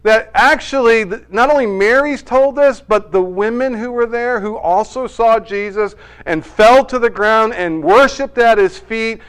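Smooth-voiced male preacher. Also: extremely high pitch, unhurried, hardly any pauses, fairly bright tone. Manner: conversational, emphatic, with joking asides. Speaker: pastor. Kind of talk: sermon.

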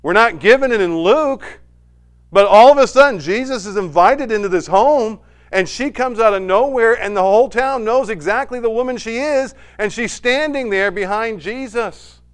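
A man preaching a sermon as a pastor, swinging between loud emphasis and quiet asides and retelling scenes with voiced quotes. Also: high voice, normal speed, clear, resonant tone.

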